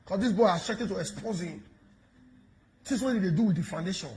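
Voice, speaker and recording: A Nigerian man giving mocking, animated commentary in pidgin, taunting and laughing as he talks. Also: high voice, quick pace, slight background noise. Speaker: online commentator.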